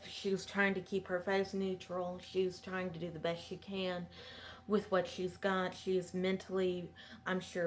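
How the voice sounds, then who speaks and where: A woman's voice: lowish voice, darkish tone, a little hiss or hum. Chatty woman recapping a TV episode. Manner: chatty, digressive, sympathetic. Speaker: show recapper.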